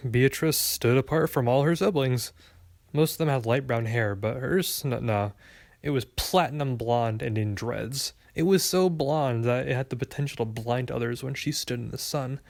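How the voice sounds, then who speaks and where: A man's voice: mid-range voice, gravelly, no echo, clean studio sound. A man reading a first-person story aloud with a wry, sarcastic delivery. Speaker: audiobook narrator.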